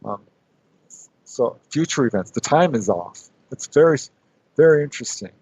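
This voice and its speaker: A man's voice: medium pitch, expressive, normal speed, a little mellow, breathy edge, dry recording, rough recording. A man talking as a guest on a radio interview, laughing often and acting out his own quotes.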